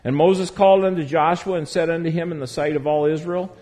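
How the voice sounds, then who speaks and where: Male pastor, sermon to a congregation, emphatic, stretches key words, slightly high voice. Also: fairly even intonation, fairly quick, hardly any pauses, mellow. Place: church before a congregation.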